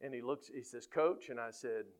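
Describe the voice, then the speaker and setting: Man, middle-aged, football coach, storytelling talk, animated, loud bursts in quotes. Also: medium pitch, a little fast. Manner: animated, gets loud when acting out quotes. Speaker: high school football coach. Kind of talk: faith-based storytelling talk.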